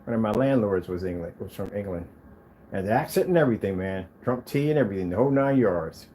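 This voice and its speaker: A man testing and showing off his own projector screens, talking casually to the camera and to himself, proud and quick to defend his product. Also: fairly low pitch, slight background noise. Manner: animated, talks to himself as he browses.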